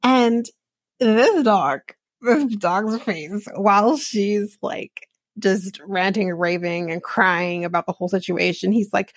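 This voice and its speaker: A woman's voice: medium pitch, a little slow, no echo. A woman podcast host giving a casual, blunt and sarcastic recap of a reality show, swearing freely. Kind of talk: casual commentary.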